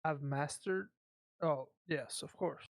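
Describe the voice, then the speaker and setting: Low-voiced woman tabletop player. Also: slow, gravelly, no echo. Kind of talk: playing a character in a tabletop game.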